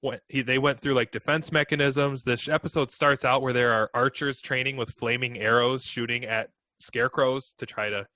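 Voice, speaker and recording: Bright-voiced male podcast co-host. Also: mid-range voice, fairly even intonation, moderate pace, hardly any pauses, no room sound. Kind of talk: casual chat.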